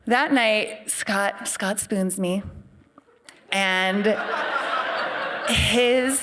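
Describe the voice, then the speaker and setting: A middle-aged woman, a psychiatrist, telling a personal story live on stage in a candid, self-deprecating, conversational way. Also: on the low side. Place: theater stage before a live audience.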